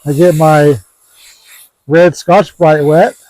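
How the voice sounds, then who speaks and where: A man's voice: fairly high pitch, steady tone, slow, warm tone, no echo, poor audio. A man casually explaining how he cleans an old car, folksy and joking, rambling as he works. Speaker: classic car seller.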